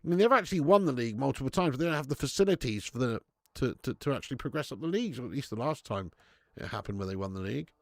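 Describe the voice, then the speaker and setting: A man's voice: medium pitch, expressive, very fast, no room sound, studio quality. A man hosting a live football watch-along from his garage, chatting casually and swearing while reading out viewer messages. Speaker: fan channel host. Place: home garage streaming setup. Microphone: streaming setup.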